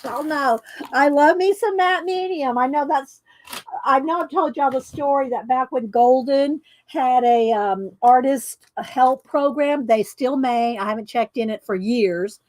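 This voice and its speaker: Hosting an art livestream, this woman speaks at a measured pace in a voice that sits high. It's loose, rambling chat, peppered with thanks to viewers she names one by one.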